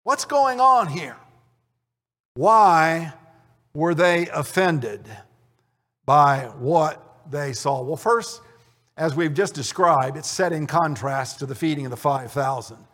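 A man's voice: on the high side, takes it slowly, a bit bright. A man giving a conversational Bible teaching, telling the story and acting out the dialogue. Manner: storytelling, acts out the dialogue in the scene. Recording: long reverb of a large hall.

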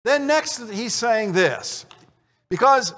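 High-voiced man teaching in a reverberant hall. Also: lively intonation, takes it slowly, a bit bright. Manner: storytelling, acts out the dialogue in the scene. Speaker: Bible teacher. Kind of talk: conversational Bible teaching. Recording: long reverb of a large hall.

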